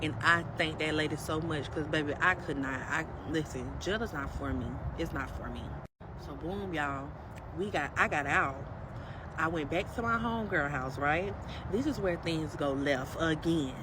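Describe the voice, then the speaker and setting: A woman telling her own story in a casual, emphatic and animated way, talking straight to her viewers. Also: sits low, unhurried. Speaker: storyteller in a played clip. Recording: street noise with passing vehicles.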